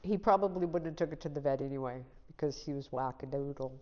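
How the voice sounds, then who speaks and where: Talking at a quick pace in a low voice, this Seattle-area woman in her 60s speaks frankly and plainly about her life during an interview. The audio is dull and lo-fi, trailed by long reverb.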